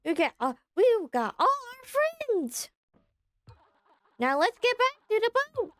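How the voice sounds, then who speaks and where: A woman voicing a cheery high-pitched male game villager with a Southern drawl. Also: very animated, takes it slowly, fairly bright tone, a little hiss or hum, exaggerated voice. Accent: Southern American.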